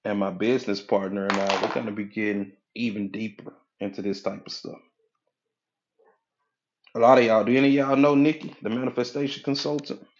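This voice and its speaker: A man with a fairly low voice talks casually to viewers on a live stream, greeting them by name and repeating his points for emphasis. He coaches on mindset and pitches his community. The audio sounds dull and lo-fi. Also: steady tone, a little fast, slight background noise.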